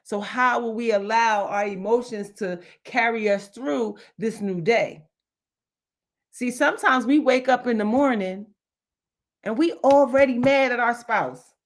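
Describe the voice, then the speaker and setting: A woman's voice: a little high, a little slow. A middle-aged woman hosting a motivational livestream, emphatic and repeating her phrases for effect. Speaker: livestream host.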